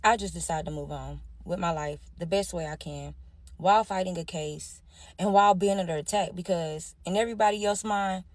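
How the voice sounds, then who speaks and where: A woman's voice: on the low side, fairly quick, no room sound. Candid woman telling her story. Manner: candid, addresses listeners as y'all. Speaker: storyteller sharing her life. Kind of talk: emotional personal storytime.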